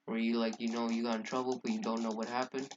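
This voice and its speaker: A man's voice: medium pitch, flat delivery, quick pace, highs cut off, noisy background. Rambling, profane young-sounding male storyteller. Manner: rambling, profane, heavy with fillers. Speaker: storyteller vlogger. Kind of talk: casual story time.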